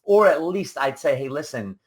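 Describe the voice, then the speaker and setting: A man's voice: on the high side, animated, normal speed. A man hosting a solo coaching podcast, talking casually and rambling, often acting out the people he quotes. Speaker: business coach and podcast host.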